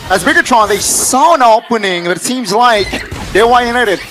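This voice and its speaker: High, bright-voiced male esports caster. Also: expressive, soft background music. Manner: rapid hype calls, dramatic build-ups. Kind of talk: esports play-by-play commentary.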